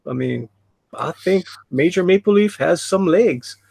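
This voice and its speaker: With a high, animated voice that's husky, creaky and a little mellow, this livestream host speaks at a measured pace, and there's no room sound. He reads chat out loud, adds jokey remarks and laughs frequently, while a dog jumps on him.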